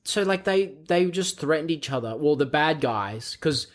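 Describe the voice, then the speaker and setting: A man's voice: fairly high pitch, animated, moderate pace. Man, podcast co-host, casual film chat, rambling, swears, laughs.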